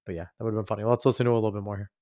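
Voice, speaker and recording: A man's voice: lowish voice, level tone, very fast, warm tone. A man hosting a podcast, giving blunt, profane, casual commentary on a news clip he plays for listeners. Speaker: podcast host.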